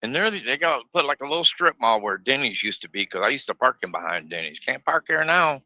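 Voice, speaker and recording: A man's voice: mid-range voice, sing-song, quick pace, pushed and bright, no echo, lo-fi sound. A man streaming live from his truck, chatting in a folksy, grumbling way and laughing often. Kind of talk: casual live-stream chat. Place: inside a semi truck cab.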